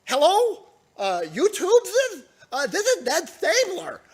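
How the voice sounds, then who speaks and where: A man doing a frantic whiny guy, squeaky high voice, thin odd timbre. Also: huge pitch swings, slow, exaggerated voice. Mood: panicked. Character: panicky whiny man begging for help.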